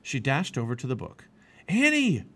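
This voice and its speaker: A man reading a children's adventure book aloud for a family podcast. His mid-range voice moves lively up and down as he tells the story with expression. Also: medium pitch, moderate pace.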